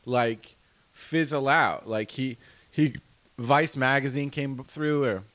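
A man's voice: mid-range voice, steady tone, slow, fairly bright tone. A man, a comedian guest, reminiscing in casual podcast chat. He talks in a wry, reflective, rambling way. His voice sounds dry and close, with no room echo.

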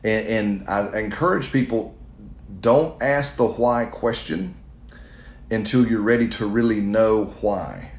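A man's voice: on the low side, reverberant. A middle-aged man, a pastor, answering a question in an earnest, conversational sermon style, speaking straight to his listeners. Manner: earnest, conversational, with restarts and direct appeals to listeners.

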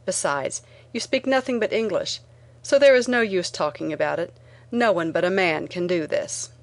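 A woman reading an audiobook voices a blunt, dismissive male business manager who speaks in flat, firm refusals. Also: lowish voice, normal speed, dry recording.

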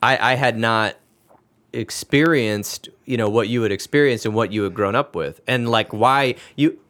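A man's voice: mid-range voice, moderate pace, a bit bright. A man hosting a podcast, who talks with his guest in an engaged, affirming way. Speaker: host, counselor. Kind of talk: conversational interview.

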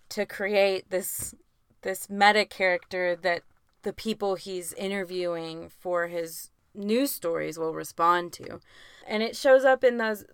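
A woman's voice: medium pitch, a bit bright, smooth, no echo, studio quality. A young adult woman co-hosting a podcast, chatting casually with lots of "like" fillers and frequent laughs. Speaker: podcast co-host. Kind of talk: casual chat.

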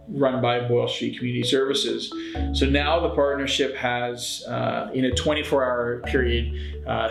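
A man, a shelter program manager, speaking in a measured, hesitant way in a documentary interview. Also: mid-range voice, gravelly. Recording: roomy with guitar music over it.

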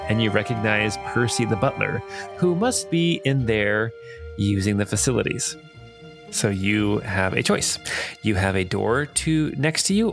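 A man narrating a tabletop game as dungeon master, rambling with chuckling asides. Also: medium pitch.

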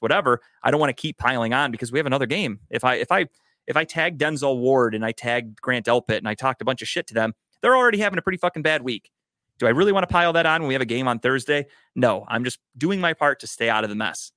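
Guy ranting fast about football on a podcast, swears a lot, dry sound. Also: mid-range voice, sharp tone, no echo. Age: adult, grown older. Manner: profane, fast storytelling. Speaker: podcast host, sports fan. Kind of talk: casual sports chat.

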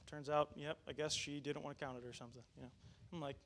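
A man's voice: fairly high pitch, fast talker, a bit bright. A male pastor telling a personal story in a casual sermon, chatty with fillers and restarts, acting out what people said.

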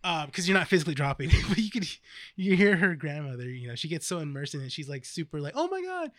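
A chatty man trading stories on a podcast. His voice sits a little high and sounds bright. The recording is dry, with no room sound. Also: fast, no room sound. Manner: chatty, laughing storyteller with many backchannels. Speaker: podcast co-host. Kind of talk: casual chat.

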